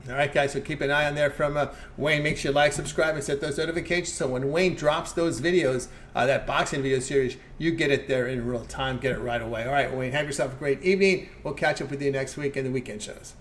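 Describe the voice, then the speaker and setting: A man hosting a live sports betting stream, giving picks and promotions in a quick, upbeat patter with fillers. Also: medium pitch, steady tone, a bit bright, a little hiss or hum. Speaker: sports betting show host.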